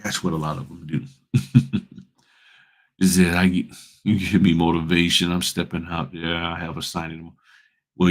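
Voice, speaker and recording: A man hosting a casual livestream, giving blunt, folksy advice and addressing viewers as y'all. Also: deep voice. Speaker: notary public and livestream host.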